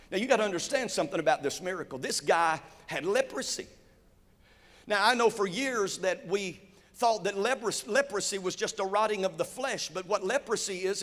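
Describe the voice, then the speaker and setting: A man preaching a sermon in a church sanctuary, with call-and-response and rising shouts. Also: high voice. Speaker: pastor. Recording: long hall reverb.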